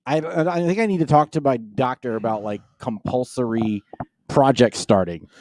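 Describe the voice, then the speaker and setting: A man's voice: medium pitch, normal speed, darkish tone, a little hiss or hum. A man hosting a comedy podcast, telling stories in a playful, teasing way. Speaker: podcast host. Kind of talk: casual comedic chat.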